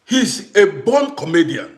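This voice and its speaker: A man's voice: a little high, sing-song, a little slow, roomy sound. A middle-aged man from Africa hosting a casual live stream, talking emphatically to his viewers, repeating points and greeting them by name. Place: home in Vienna.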